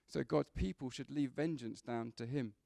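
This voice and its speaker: A man's voice: mid-range voice, normal speed, gravelly, mellow, dry recording, studio quality. A man preaching a sermon in a church, conversational, with humorous asides to the congregation.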